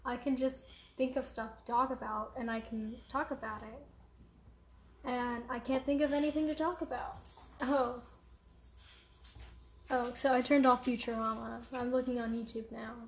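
A woman's voice: a little high, level tone, normal speed, long pauses, echoey room, slight background noise. A young woman chatting casually and rambling at home, distracted, with lots of fillers. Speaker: vlogger. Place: room at home.

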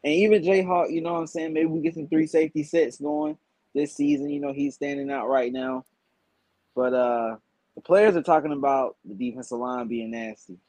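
A man appearing as a guest podcaster, working through football analysis in a measured, thoughtful way with pauses. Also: on the high side, animated, vocal fry, darkish tone, no room sound, poor audio.

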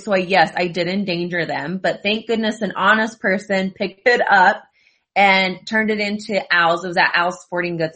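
A young woman co-hosting a podcast, telling a story in a chatty, casual way with quick asides. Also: mid-range voice, sharp tone. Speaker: podcast co-host. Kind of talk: casual chat.

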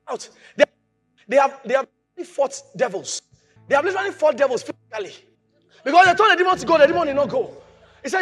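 A man preaching a sermon, animated, shouting at times, mimicking voices and laughing. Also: very high-pitched, quick pace, faint music behind. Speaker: pastor.

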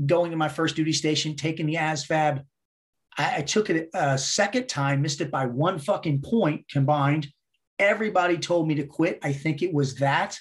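Middle-aged man, guest storyteller; blunt, swears freely, animated, fairly high voice. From United States. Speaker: podcast guest. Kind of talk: casual storytelling interview.

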